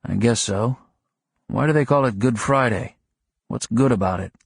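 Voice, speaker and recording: A man's voice: medium pitch, normal speed, no room sound, studio quality. A man doing a wry, sardonic shop-clerk husband. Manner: sardonic, mock-gruff banter. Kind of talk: audiobook character reading.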